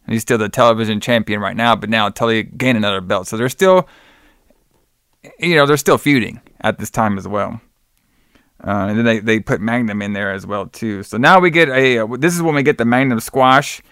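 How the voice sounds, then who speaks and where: A man's voice: on the low side, brisk, fairly bright tone, clear, resonant tone, no room sound, studio quality. Rambling, profane male podcast co-host. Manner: profane, rambling, says "brother" and "like" a lot. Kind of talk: casual chat recapping old wrestling shows.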